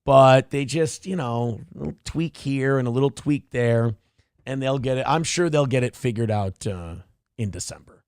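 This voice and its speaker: A man's voice: medium pitch, moderate pace, darkish tone, clear, resonant tone, dry recording, studio quality. A man hosting a casual commentary show, sarcastic, crude and rambling as he talks. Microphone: wears headphones.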